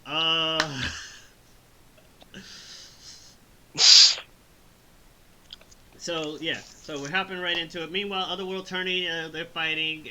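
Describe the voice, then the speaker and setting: Bright-voiced, rambling man reviewer. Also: medium pitch, slight background noise, rough recording. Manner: rambling, swearing, laughs often. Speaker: host reviewing an animated film. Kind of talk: casual chat review.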